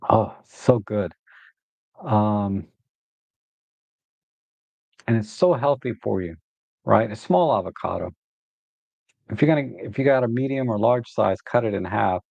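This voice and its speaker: Gravelly rambling man on a livestream. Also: fairly low pitch, a little mellow, no echo, highs cut off. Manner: rambling, many fillers and restarts, baby talk to his dog. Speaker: host of a photography livestream. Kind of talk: casual live-stream chat.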